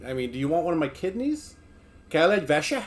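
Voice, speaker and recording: Easygoing guy on a stream, kinda high voice, reading a book out loud and joking with chat. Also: sing-song, brisk. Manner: laid-back, joking, talks to chat between passages.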